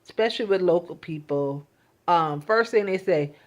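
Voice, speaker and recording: A woman's voice: fairly low pitch, normal speed. A woman talking in a casual, reflective monologue. She is earnest and emotional, and she often repeats words and restarts her sentences. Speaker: vlogger.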